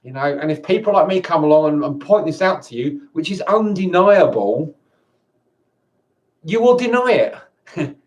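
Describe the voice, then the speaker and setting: A vlogger rants angrily to camera, swearing and stumbling over his words with many restarts. His voice is a little high and expressive, at a moderate pace broken by long pauses.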